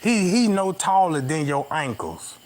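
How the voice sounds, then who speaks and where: Outdoors at night, a man livestreams on a phone camera, telling viewers a rambling comic story in heavy slang and often asking if they know what he's talking about. His voice is fairly high and very animated, with a slightly slow pace.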